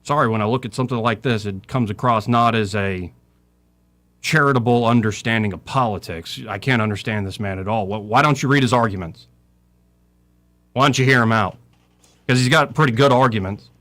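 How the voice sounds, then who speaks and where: On talk radio, a middle-aged man delivers impassioned commentary like a preacher, quoting scripture as his voice rises and falls. He speaks briskly at a medium pitch, with a fairly bright tone.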